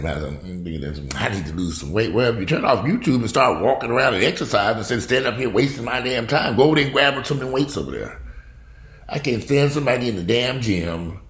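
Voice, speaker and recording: A middle-aged man from the United States, ranting to camera in a casual vlog, blunt and profane, swinging from loud outbursts to low grumbling. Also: reverberant. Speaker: vlogger.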